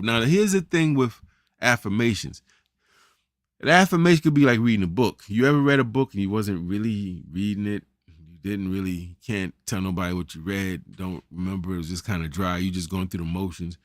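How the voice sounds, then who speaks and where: A man delivers a motivational talk in a mid-range voice. He preaches in a casual, persuasive way, leaning on his listeners with repeated questions. The sound is close and dry, with no room echo. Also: mid-range voice. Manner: preachy, calls audience "family", says "right?" often. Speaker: empowerment coach.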